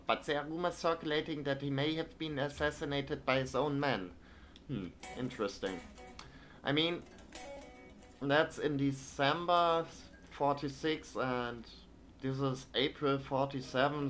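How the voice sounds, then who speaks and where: On a stream, a slightly bright, high-leaning male voice reads game text off the screen without flourish before drifting into commentary. Between readings he hesitates, leaning on fillers and restarting thoughts, his remarks dry and wry over a faint hiss.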